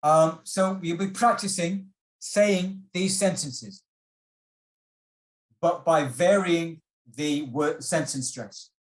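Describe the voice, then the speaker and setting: A patient instructor leads an online test-prep workshop over a video call. The delivery is slow and measured, inviting and encouraging. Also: mid-range voice.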